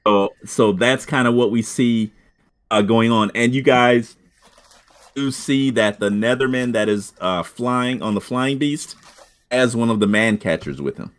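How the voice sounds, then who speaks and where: Halting male game master, lots of fillers. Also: mid-range voice. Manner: halting, many fillers and restarts. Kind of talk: running a tabletop game.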